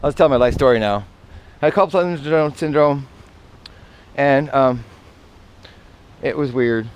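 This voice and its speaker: A man's voice: medium pitch, moderate pace, clear, resonant tone. A man telling personal stories in a casual, meandering monologue, often correcting himself and drifting into asides. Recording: outdoor traffic noise.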